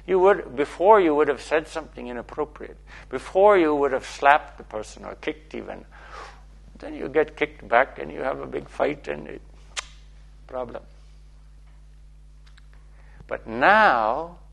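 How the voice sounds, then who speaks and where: Male spiritual teacher, gravelly and a bit husky, playful and repetitive, keeps checking in with listeners. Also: fairly high pitch, expressive, unhurried, long pauses. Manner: playful, repetitive, asks okay often. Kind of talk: spiritual talk.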